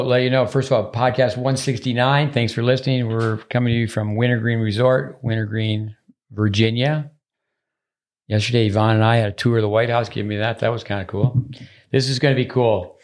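A man hosting a tennis podcast, talking in a chatty, loose, rambling way while introducing a guest. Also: mid-range voice. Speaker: podcast host. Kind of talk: casual podcast chat. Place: resort.

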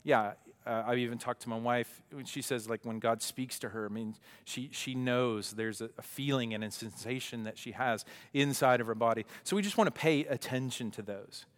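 A man's voice: mid-range voice, moderate pace. Pastor guy preaching, chatty, keeps correcting himself, mid-range voice, long hall echo. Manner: conversational, with asides and self-corrections. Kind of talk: sermon.

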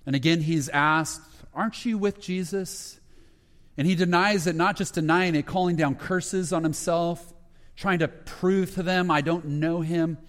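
Male pastor, slightly higher voice, storytelling sermon with hushed dramatic asides, big reverberant church hall. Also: steady tone, a little slow. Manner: retells scripture with quoted dialogue, dropping to a hushed voice at emotional moments.

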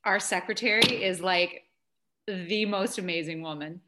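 A woman in her thirties, a podcast guest chatting casually and telling stories in a lively way, with lots of "like" and the odd swear word. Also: lowish voice, unhurried, background noise. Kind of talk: casual chat and animated storytelling.

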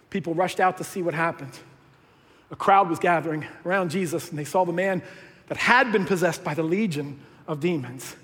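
A man preaching a sermon as pastor, swinging between hushed lines and loud, excited bursts. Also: a little high, moderate pace. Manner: animated, swinging from hushed to shouted. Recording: long hall reverb.

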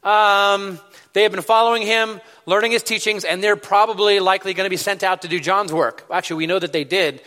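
A man preaching a relaxed, chatty sermon, full of fillers and restarts. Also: sits high, fairly quick. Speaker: pastor. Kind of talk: casual sermon. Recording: reverberant hall.

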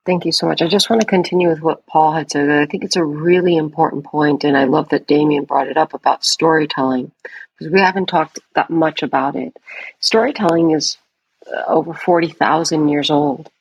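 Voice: mid-range voice, fairly even intonation, brisk, vocal fry, slightly rough, highs cut off. A panel guest who speaks in an enthusiastic, explanatory way. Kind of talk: panel discussion.

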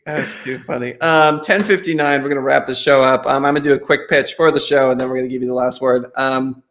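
Animated middle-aged male podcast host. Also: mid-range voice, fast, a little hiss or hum. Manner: animated storyteller, acts out voices in anecdotes. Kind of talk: casual interview chat.

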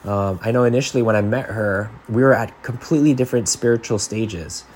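A man's voice: on the low side, a little fast, a little mellow, faint music behind. A man hosting a podcast, talking in a casual, earnest monologue with lots of restarts and filler words. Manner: earnest, rambling with frequent "like" and restarts. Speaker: podcast host.

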